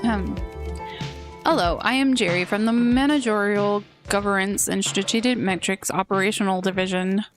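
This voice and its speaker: A woman's voice: medium pitch, normal speed, close to an everyday voice. A woman voicing a formal, stiff businessman who talks in a robotic way over game music. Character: formal stiff businessman Jerry, adult male.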